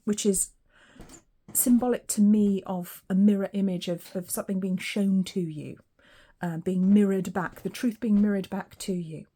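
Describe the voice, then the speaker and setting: A woman giving a tarot reading to her viewers, gentle and reassuring, chatting along with soft laughs. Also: medium pitch, steady tone, normal speed. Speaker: tarot reader. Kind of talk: solo tarot reading to camera.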